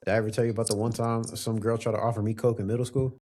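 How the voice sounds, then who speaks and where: A young man co-hosting a podcast, telling an animated story with plenty of swearing and slang. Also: mid-range voice, very fast. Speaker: podcast co-host. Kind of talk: casual chat.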